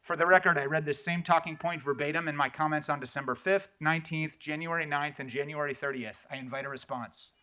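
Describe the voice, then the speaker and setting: A man's voice: on the high side, steady tone, a little fast, hardly any pauses, pushed and bright. Sarcastic man giving public comment. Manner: sarcastic, pointed.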